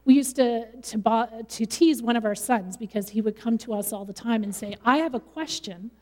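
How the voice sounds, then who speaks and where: A woman's voice: on the high side, steady tone, moderate pace, mellow, in a large hall. A middle-aged woman pastor preaching a sermon in a conversational way, with light laughs.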